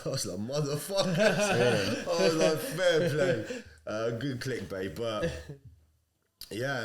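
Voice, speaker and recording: Deep-voiced man telling a blunt sweary story. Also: fairly bright tone. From Sicily. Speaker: podcast guest. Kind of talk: casual storytelling.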